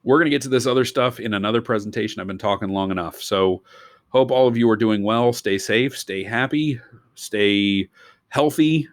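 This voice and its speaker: Low-voiced man giving a rambling history lecture. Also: moderate pace, no room sound, clean studio sound. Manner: rambling, digressive asides. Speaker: teacher.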